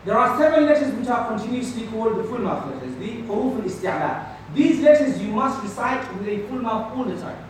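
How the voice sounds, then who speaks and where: Man, tajweed teacher, high pitch, drills letters loudly, distant, very echoey room, faint hum. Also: big pitch swings, brisk. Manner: drills letters loudly for repetition, then talks softly. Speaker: Quran recitation teacher. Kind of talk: classroom tajweed lesson.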